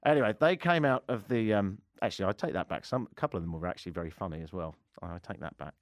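A man's voice: low-pitched, racing, dry recording. Gender: male. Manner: sarcastic English radio host. Sound: dry studio. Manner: sarcastic, self-deprecating storytelling. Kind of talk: casual talk radio banter.

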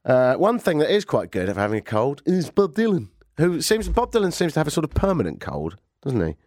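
A man's voice: a little high, huge pitch swings, fairly quick, a little mellow, no room sound, clean studio sound. A man hosting a talk radio show, with a stuffy nose from a cold. He tells stories with sarcasm and animation. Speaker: radio host. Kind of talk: casual talk radio banter.

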